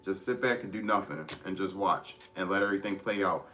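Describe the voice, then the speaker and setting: A man giving a casual tarot reading, rambling with many restarts as he gently advises his listeners. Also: low voice, brisk, a little hiss or hum. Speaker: tarot reader.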